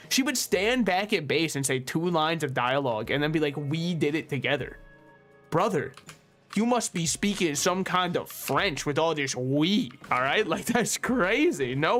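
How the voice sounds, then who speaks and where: Young male streamer, somewhat high voice, animated ranting with quick asides, soft game music under him. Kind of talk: casual gaming stream chat.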